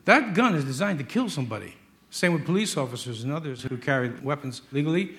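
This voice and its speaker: Male preacher, somewhat high voice, emphatic, jokes, acts out the stories. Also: animated, fast talker, fairly bright tone. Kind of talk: sermon.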